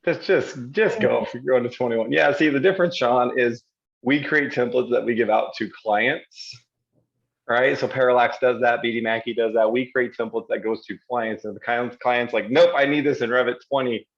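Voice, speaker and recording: A man with a gravelly, creaky voice at a middle pitch talks through a live question-and-answer stream. His delivery is chatty, rambling and self-deprecating. The computer-mic audio sounds a bit dull and lo-fi. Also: fairly even intonation, normal speed. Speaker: co-host of a live software Q&A show. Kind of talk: casual conversational livestream chat.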